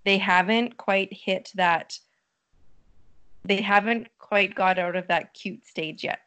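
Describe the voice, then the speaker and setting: A woman who is a mother, talking as a guest on a casual podcast. She speaks at a middling pitch in a thoughtful, hesitant way, with lots of fillers. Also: steady tone, slow pace, a bit bright. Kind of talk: casual chat.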